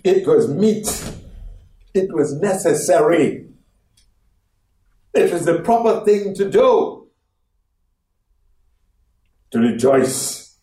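A man preaching a sermon as pastor, dramatic, acting out quoted voices and swinging from hushed to loud. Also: on the high side, animated, drawn-out words, pauses often. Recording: echoey room from far off.

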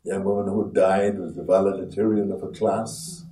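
A man preaching a sermon as pastor, dramatic, acting out quoted voices and swinging from hushed to loud. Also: low voice, level tone, moderate pace. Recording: echoey room from far off.

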